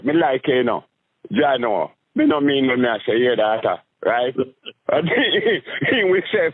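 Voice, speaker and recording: Animated Jamaican man, tinny sound. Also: dry recording. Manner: animated, jumps into high voices when acting out scenes. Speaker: street comedian. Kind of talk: rambling comic storytelling.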